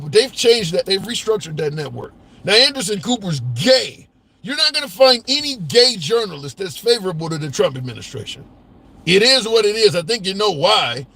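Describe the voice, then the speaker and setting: A man's voice: high-pitched, bright, forceful tone, no room sound. A man hosting a casual political livestream, taking callers and chatting loosely. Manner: talkative, says he is drinking. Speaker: livestream host.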